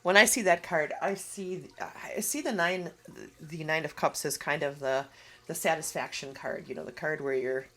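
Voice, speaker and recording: A woman doing a casual card reading, tearful and emotional, speaking haltingly with frequent pauses. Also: low voice, a bit bright. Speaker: oracle card reader.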